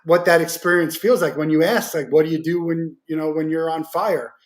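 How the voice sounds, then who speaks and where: A man hosting a podcast, talking casually in a halting way, often restarting sentences while he searches for words. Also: on the high side, steady tone. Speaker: podcast host. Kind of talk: casual interview talk.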